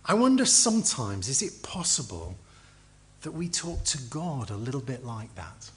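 A man's voice: medium pitch, very animated, moderate pace, slight background noise. Middle-aged english guy preaching, storytelling, swoops up and down a lot. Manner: storytelling with acted quotes and dry humor. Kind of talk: sermon.

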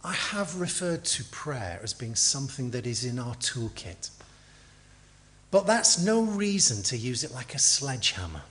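A man's voice: mid-range voice, big pitch swings, measured pace, a bit bright. A middle-aged man from England preaching a sermon, telling stories with acted quotes and dry humor.

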